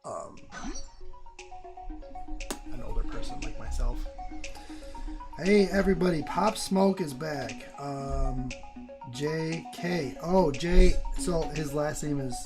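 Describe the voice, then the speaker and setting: A man's voice: lowish voice, creaky. A man streaming live, chatting casually and rambling with many ums, swearing often.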